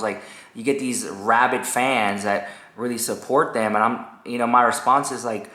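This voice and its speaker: Young male vlogger, chatty and rambling, bright tone, echoey room. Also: fairly low pitch, moderate pace. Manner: chatty, rambling, animated retelling. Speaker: YouTuber. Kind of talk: casual vlog commentary.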